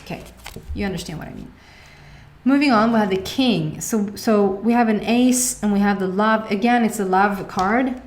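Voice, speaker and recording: A woman's voice: medium pitch, normal speed. A woman with a Swedish accent giving a casual tarot reading, chatty, laughing often and searching for words. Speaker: tarot reader.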